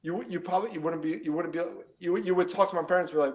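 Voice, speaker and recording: A middle-aged man from the New Jersey and New York area talks as a guest in a casual interview. His voice sits a little high, and he speaks in an animated, rambling way, restarting phrases and laughing easily. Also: racing, hardly any pauses, low-quality recording. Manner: animated, repeats words, laughs often.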